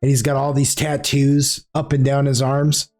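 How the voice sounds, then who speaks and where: A man's voice: mid-range voice, monotone, normal speed, a little mellow, faint music behind. A man narrating a tabletop game as dungeon master, with casual, rambling talk that often breaks into laughter.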